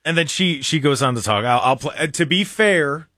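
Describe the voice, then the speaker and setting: A man's voice: a little high, moderate pace, dry recording, clean studio sound. A man hosting a political talk show, casually reacting to listener tweets and clips and laughing often. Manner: laughing, animated, reads listener tweets aloud.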